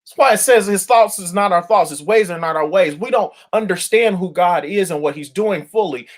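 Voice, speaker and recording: A male pastor giving a daily devotional, telling a story in an animated, colloquial, emphatic way. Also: fairly high pitch.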